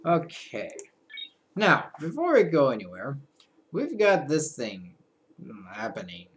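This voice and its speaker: A young man gives casual commentary as he plays a strategy game, chatty and playful, with half-mumbled asides. His voice sits slightly high and swings a lot in pitch. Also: wildly swooping pitch, slow, fairly bright tone. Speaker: let's play host.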